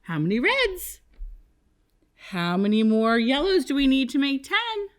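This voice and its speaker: A woman teaching a kindergarten math lesson on television, leading the children in slow sing-song call-and-response counting. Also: on the high side, huge pitch swings.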